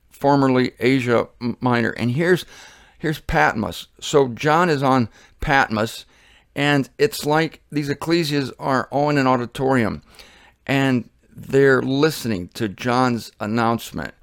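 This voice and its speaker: Middle-aged male Bible teacher, passionate and conversational, mid-pitched, reads scripture and talks straight to viewers. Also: a little slow.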